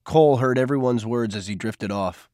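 A man narrating a novel in an even, steady storytelling voice. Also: mid-range voice, normal speed, no room sound, clean studio sound. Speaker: audiobook narrator. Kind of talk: scripted narration.

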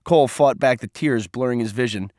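Guy reading an audiobook, mid pitch, steady, super dry close sound. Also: a little fast, no room sound. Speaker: audiobook narrator. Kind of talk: scripted narration.

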